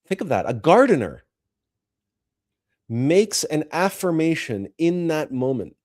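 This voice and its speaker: A man's voice: fairly high pitch, very animated, unhurried, darkish tone. A man hosting a spiritual talk show, speaking in an earnest, emotional monologue with frequent repeats and restarts. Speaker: host.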